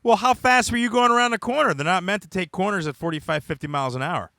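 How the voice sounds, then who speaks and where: A man with an American accent hosting a comedy podcast, teasing a caller in fast, casual banter. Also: high-pitched, vocal fry, bright, forceful tone, no room sound, studio quality. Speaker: podcast host. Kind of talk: casual chat.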